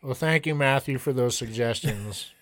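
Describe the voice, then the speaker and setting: A man's voice: medium pitch, moderate pace, crowd noise. A man teasing his friends playfully in casual podcast chat.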